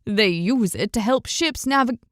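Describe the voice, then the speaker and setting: A woman's voice: fairly high pitch, expressive, normal speed, no echo, clean studio sound, natural voice. A woman voicing a courteous young male knight in an audiobook, speaking politely and with measure. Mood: measured.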